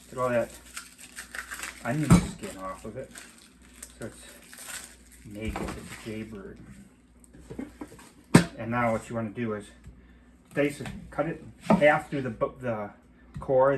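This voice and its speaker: Middle-aged man, home cooking host, casual and rambling with mild swearing, mid-pitched voice, kitchen chopping audible. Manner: chatty, rambling asides, mild cursing. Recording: clear chopping noise behind voice. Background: knife chopping and clicks.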